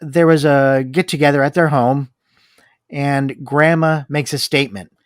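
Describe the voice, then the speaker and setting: A man's voice: on the high side, fairly even intonation, unhurried, dry recording, studio quality. A man co-hosting a discussion, reading long book passages aloud and commenting on them. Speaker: podcast co-host.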